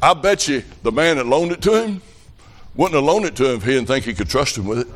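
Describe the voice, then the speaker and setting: A man's voice: medium pitch, lively intonation, quick pace, a crowd in the background. A middle-aged man preaching a revival sermon, telling folksy stories that rise to fervent calls.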